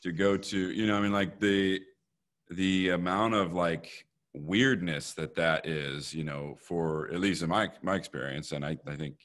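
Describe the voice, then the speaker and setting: Deep-voiced young man rambling casually. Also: unhurried, fairly bright tone. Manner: rambling, laughs often, hedging with "like". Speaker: interviewer. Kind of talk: casual conversation.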